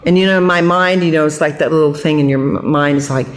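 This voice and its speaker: An older woman sharing her recovery testimony at a support meeting, telling her story in an animated, humorous way and acting out the people she quotes. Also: low-pitched, fast.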